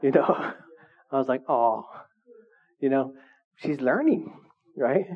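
A man preaching to his congregation in a casual, animated way, often asking the room questions. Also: mid-range voice, slow pace, phone-quality sound. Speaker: pastor. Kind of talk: sermon.

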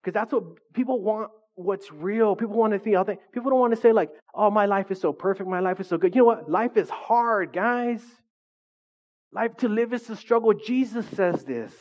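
A man's voice: sits high, a little mellow. Preacher man, conversational, dull lo-fi sound. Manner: conversational, humorous, asks the audience questions. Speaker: pastor. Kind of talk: sermon.

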